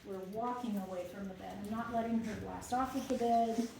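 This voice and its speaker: A woman dog trainer who alternates between hushed, low commands to a dog and plain explanations to viewers. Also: steady tone, fairly quick, gravelly. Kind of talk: live training demonstration with commentary. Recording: very echoey room, mic far off, background noise.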